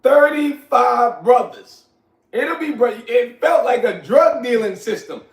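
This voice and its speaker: A man, telling stories from his youth in casual, animated talk, often asking "you know what I'm saying". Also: very high voice, a little slow. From New York. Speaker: host. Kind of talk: casual storytelling. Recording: echoey room, far from mic.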